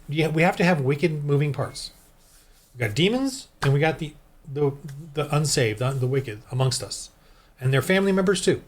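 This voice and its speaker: A man from the United States giving a rambling, heated, preachy commentary monologue as a Christian video host. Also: medium pitch.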